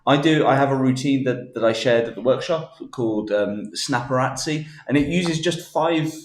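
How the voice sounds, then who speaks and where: A man's voice: mid-range voice, normal speed, echoey room. A man, a guest mentalist chatting casually and joking on a live stream. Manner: joking, playful innuendo.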